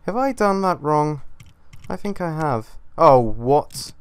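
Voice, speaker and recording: A man's voice: on the high side, animated, takes it slowly, clean tone, dry recording. Frustrated young man narrating gameplay. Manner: easily frustrated, swearing, muttering to himself. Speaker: gaming YouTuber. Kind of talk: casual gameplay commentary.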